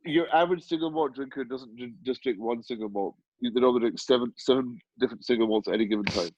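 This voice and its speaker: A man answering questions in a casual video chat, wry and halting, often repeating his words. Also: mid-range voice, darkish tone, no echo. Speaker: whisky distillery guest. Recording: slightly lo-fi video call audio.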